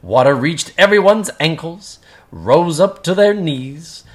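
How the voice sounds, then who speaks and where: A woman's voice: deep voice, animated, slow. A woman reading a children's picture book aloud, acting out the characters and sound effects. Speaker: story reader.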